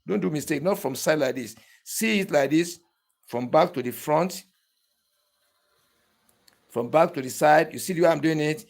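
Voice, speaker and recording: Instructor man, a touch high-pitched, patient step-by-step demo that checks in with the viewer constantly. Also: normal speed, creaky, pauses often. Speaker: barber tool instructor. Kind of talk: hands-on tutorial demonstration.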